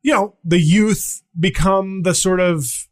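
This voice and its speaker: Animated high-voiced male podcast host. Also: slow. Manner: animated, acts out quotes in shifting voices. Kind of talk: casual comedic chat.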